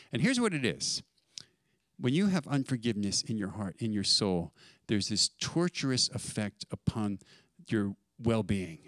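A man preaching a sermon as pastor, emphatic and building to loud stresses on key words. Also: medium pitch, no room sound.

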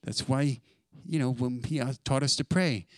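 A man preaching a sermon as pastor, emphatic and building to loud stresses on key words. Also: mid-range voice, moderate pace, no room sound.

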